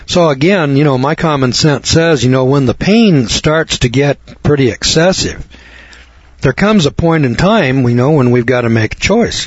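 A man's voice: fairly high pitch, animated, normal speed, husky, no room sound. A man from the United States preaching a sermon in a blunt, folksy, repetitive manner. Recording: dull lo-fi recording.

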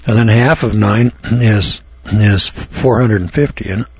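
Husky guy lecturing a class, folksy, stumbles on words then gets heated, muffled lo-fi sound. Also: fairly low pitch, a little slow, no room sound. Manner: folksy, stammering at times, rising to heated emphasis. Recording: dull lo-fi recording.

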